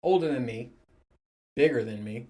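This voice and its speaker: A dark-toned, mid-range male voice at a moderate pace belongs to a podcast host in his thirties. Alone on camera, he rants casually, swearing, joking and laughing often.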